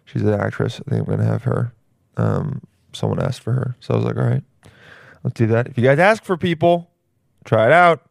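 A man's voice: medium pitch, very animated, fairly quick, gravelly, no echo, clean studio sound. A man hosting his own podcast, rambling casually in slang and calling the listener "dude". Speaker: podcast host. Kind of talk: casual solo podcast monologue.

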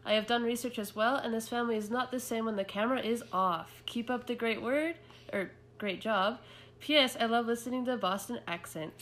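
A woman reading listener reviews aloud on a podcast in a plain, steady way. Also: a little high, fairly quick, slight background noise. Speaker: review reader.

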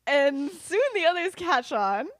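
A woman's voice: sits high, lively intonation, unhurried, dry recording, studio quality. A young woman hosting a podcast, retelling a story casually with lots of giggles and fillers. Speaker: podcast host.

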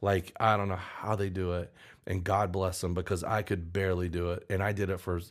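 A man's voice: low-pitched, brisk. A man who writes songs, telling a story in an interview, rambling and acting out what people said. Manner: animated, rambling, acts out quotes in raised voice. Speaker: songwriter.

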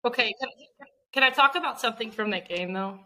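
Excitable bright-voiced woman co-host. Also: fairly high pitch, fairly quick, rough recording. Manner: upbeat, excitable. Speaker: podcast co-host. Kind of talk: casual sports chat.

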